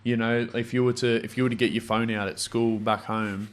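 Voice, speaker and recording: A man's voice: mid-range voice, flat delivery, fairly quick. A young man with an Australian accent, chatting casually as a guest and telling school stories with lots of restarts and fillers. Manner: storytelling with frequent restarts and fillers. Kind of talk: casual chat.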